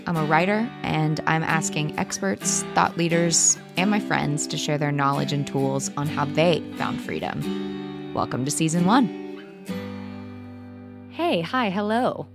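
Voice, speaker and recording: A woman's voice: deep voice, lively intonation, measured pace, gravelly, over loud music. A woman in her late twenties hosting her own podcast, talking casually in a chatty, giggly, self-deprecating way into a close mic. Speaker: podcast host. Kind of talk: casual solo podcast monologue.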